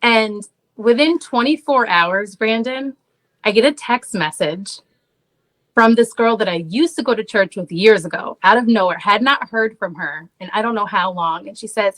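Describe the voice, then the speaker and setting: A woman in her thirties, appearing as a podcast guest, tells a story in casual conversation, often saying "like" and laughing at herself. Her mid-range voice is fairly bright and at normal speed, though the recording is rough.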